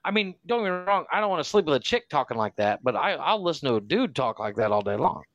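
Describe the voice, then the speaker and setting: A man co-hosting a casual podcast, his fairly high voice swooping about as he jokes and laughs. He swears freely and talks loosely. The sound is close and dry. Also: sing-song, fast talker, fairly bright tone, no echo, dull audio. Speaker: podcast co-host. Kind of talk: casual banter.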